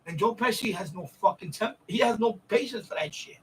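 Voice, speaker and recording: A man's voice: sits high, expressive, a little fast, far from the mic, slight background noise, poor audio. A man hosting a casual livestream, telling a story in a rambling, profane way with many repeats and restarts. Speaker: livestream host.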